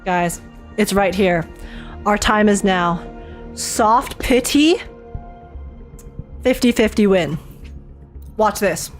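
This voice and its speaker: A woman streaming live, reacting excitedly to game pulls and chatting with viewers. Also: mid-range voice, slow pace, long pauses, faint music behind.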